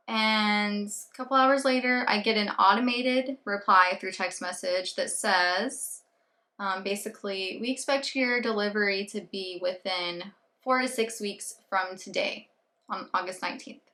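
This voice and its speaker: A young adult woman vlogging casually, telling a story in an animated way and acting out her own thoughts and what others told her. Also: on the high side, measured pace.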